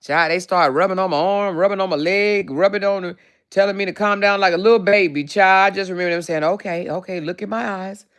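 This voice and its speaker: Woman host, casual live chat; smooth clear tone, animated and profane, reads comments aloud. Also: medium pitch, quick pace. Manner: animated, salty and profane, drawling endearments like child and baby. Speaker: livestream host. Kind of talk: casual livestream chat reading viewer comments.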